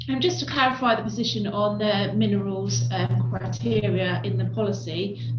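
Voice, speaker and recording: Female planning officer, flat and low, careful, heard over a dull, echoey line. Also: a little hiss or hum. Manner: careful, even, with frequent hesitations. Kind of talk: formal explanation at a hearing. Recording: dull, echoey remote audio.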